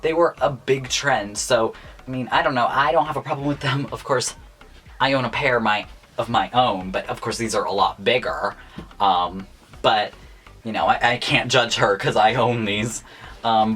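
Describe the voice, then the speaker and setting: A man's voice: mid-range voice, a bit bright. Chatty young man giving blunt opinions. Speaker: YouTuber reviewing contestants' looks. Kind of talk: casual vlog commentary.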